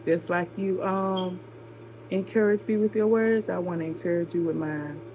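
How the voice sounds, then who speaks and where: A woman from Georgia with a Southern accent, talking casually to camera in a response video, encouraging a viewer with drawn-out, repeated phrases. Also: lowish voice, narrow, tinny audio, a little hiss or hum. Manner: warm, repetitive encouragement with drawn-out emphasis. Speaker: vlogger making a response video.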